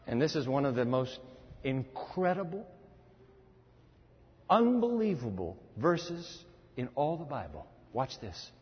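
A male preacher delivering a dramatic sermon, swinging between booming lines and hushed ones. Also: very animated, measured pace, pauses often. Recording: lo-fi sound in a long-reverb hall.

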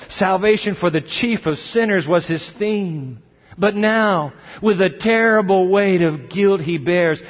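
A man preaching a sermon, swinging dramatically between loud cries and hushed questions. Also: high voice. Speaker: pastor. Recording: long hall reverb, dull lo-fi sound.

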